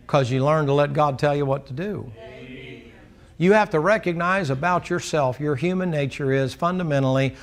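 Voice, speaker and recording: A preacher delivers a folksy, plainspoken sermon from the pulpit of a church. His man's voice sits a little high, and he acts out the back-and-forth of the people in his story. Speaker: pastor. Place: church sanctuary.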